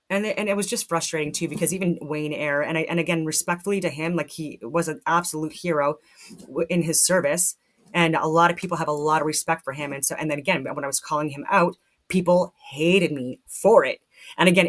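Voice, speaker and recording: A woman's voice: fairly low pitch, fairly bright tone. A woman from Canada giving casual spoken commentary, talking animatedly with frequent restarts and free swearing.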